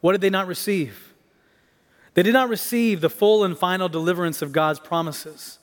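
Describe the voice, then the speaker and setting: A man preaching a sermon as pastor, swinging between raised, emphatic lines and soft, hushed ones. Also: sits high, normal speed. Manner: expressive preaching, rising for emphasis and dropping to near hush. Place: church sanctuary. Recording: reverberant hall.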